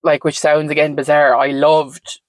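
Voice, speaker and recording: A woman's voice: deep voice, flat delivery, unhurried, no echo, rough recording. Reflective woman with dry sound. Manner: reflective, meandering, frequent "like" and "um" fillers. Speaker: podcast guest. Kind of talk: conversational storytelling.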